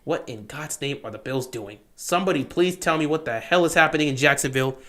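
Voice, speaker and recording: High-voiced excitable football streamer man. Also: quick pace. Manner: excitable, shouts at big plays then mutters. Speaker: livestream host. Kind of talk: live football watch-along commentary.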